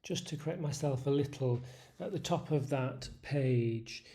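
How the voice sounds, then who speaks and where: A man working as an English tutor, making a quiet, quick corrective aside during a lesson. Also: mid-range voice.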